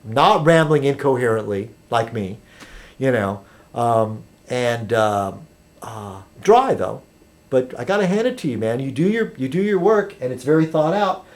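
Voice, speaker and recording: Rambling man with a lively voice. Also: medium pitch, measured pace. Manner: rambling, chatty, lots of ums and restarts. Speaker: video blogger. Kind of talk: rambling webcam chat.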